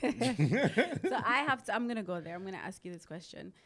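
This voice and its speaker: A woman's voice: mid-range voice, expressive, moderate pace, a bit bright. A woman co-hosting a casual chat, asking playful, teasing questions. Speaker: co-host.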